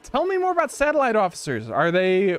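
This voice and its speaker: A man's voice: high-pitched, huge pitch swings, a little fast. An American man streaming a video game, giving casual, joking commentary with rambling asides. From United States.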